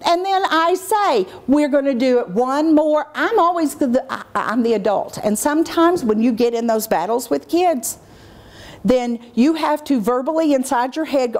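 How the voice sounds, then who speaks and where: Woman, workshop presenter, middle-aged, somewhat high voice, lively, acts out quotes to kids. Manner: animated, acts out what she says to kids in a dropped, measured voice. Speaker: presenter at a teacher training. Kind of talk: workshop lecture.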